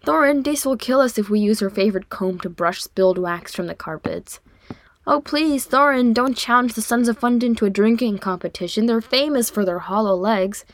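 A woman voicing a small, cheeky young male dwarf who teases his older brother in a high, pleading tone, for an audiobook reading. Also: normal speed, dry recording, close to an everyday voice. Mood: teasing, whining. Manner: bright, teasing, high and pleading.

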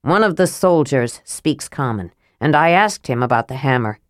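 A woman's voice: extremely low pitch, expressive, normal speed, no room sound, studio quality, pitched below the performer's own voice. A woman voicing an earnest male knight who speaks firmly and insistently. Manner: firm, insistent.

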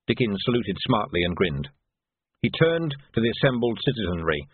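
A male narrator reads a novel aloud in a husky voice that moves freely in pitch. The recording is narrow and phone-like, completely dry. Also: expressive, brisk, dry recording. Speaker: audiobook narrator. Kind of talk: scripted narration. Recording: tinny phone-like band.

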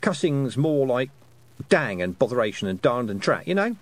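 A man voicing a brisk, knowing adult witch woman from a storybook, who lectures slowly and emphatically. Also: mid-range voice, sing-song, no room sound, natural voice. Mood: explaining.

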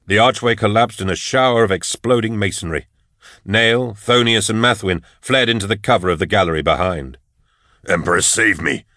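Low-voiced man narrating an audiobook. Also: fairly quick, sharp tone, no echo, clean studio sound.

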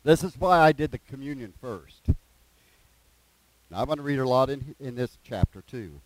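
A man preaching a sermon in a folksy way, reading scripture slowly with plain asides and repeated phrases. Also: medium pitch, lively intonation, no echo, poor audio.

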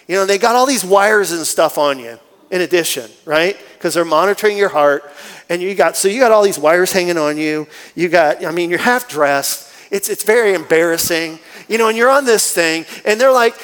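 A man preaching a sermon as pastor, animated and acting out scenes with shifting voices. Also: high voice, moderate pace, big-room sound. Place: church sanctuary.

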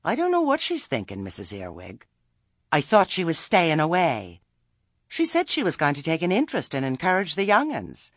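A man's voice: fairly high pitch, wildly swooping pitch, moderate pace, no echo, studio quality, pitched above the performer's own voice, full character voice. A man doing a hearty, sly old witch woman. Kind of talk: audiobook character reading.

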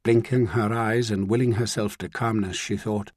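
A man reading a novel aloud as audiobook narrator, measured and even. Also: fairly low pitch, no room sound, studio quality.

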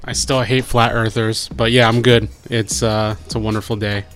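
A man's voice: lowish voice, level tone, normal speed, a bit bright. A man co-hosting a podcast, making dry offhand quips in casual chat. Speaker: podcast co-host.

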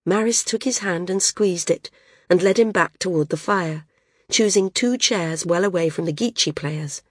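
A woman reading a novel aloud as an audiobook narrator, in a measured, unhurried storytelling manner. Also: lowish voice, no room sound, clean studio sound. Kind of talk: scripted narration.

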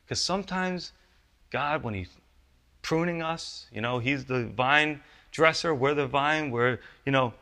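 A man's voice: mid-range voice, measured pace, sharp tone. A male pastor giving a conversational sermon, often asking the congregation rhetorical questions.

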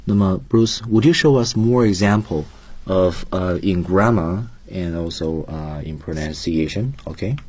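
A man teaching English on a radio lesson, explaining points in a calm, explanatory way. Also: low voice, unhurried, husky. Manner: explanatory, switches between Chinese and English.

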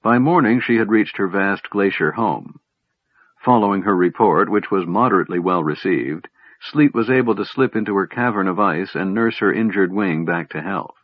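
A man reading a fantasy novel aloud as a narrator, in a measured storytelling manner. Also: deep voice, no room sound. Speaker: audiobook narrator. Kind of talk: scripted narration with character voices. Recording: dull, lo-fi, dry sound.

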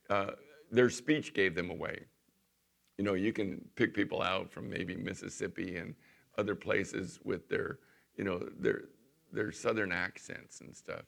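Low gravelly guy preaching, reads scripture loud then chats it out. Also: lively intonation, normal speed. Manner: reads scripture aloud with rising emphasis, then chats plainly. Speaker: pastor. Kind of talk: sermon.

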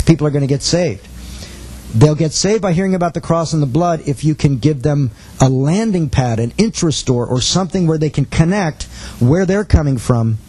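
Male speaker, earnest missions teacher, husky tone, a bit high, tells a story and acts out the dialogue. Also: a little mellow, rough recording. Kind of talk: teaching talk with personal story.

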